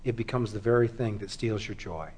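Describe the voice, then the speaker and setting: A middle-aged male pastor preaching a sermon, moving from hushed, quiet stretches to loud, fervent exhortation. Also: fairly low pitch, brisk, a little hiss or hum.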